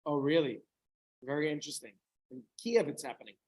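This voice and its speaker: A man's voice: on the high side, lively intonation, a little fast, darkish tone, rough recording. A middle-aged man, a rabbi, giving an informal talk to a small group, telling a story with chatty asides and questions to his listeners.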